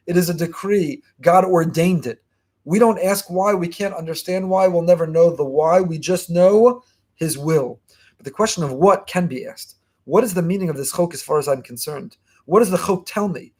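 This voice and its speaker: A man giving a fast, emphatic Torah lesson as a rabbi, repeating key phrases. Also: on the high side, darkish tone. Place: online class.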